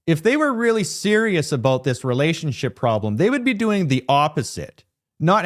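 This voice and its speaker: A man's voice: a little high, sing-song, normal speed. A man hosting political commentary, talking emphatically in a ranting, sarcastic way. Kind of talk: opinionated news commentary.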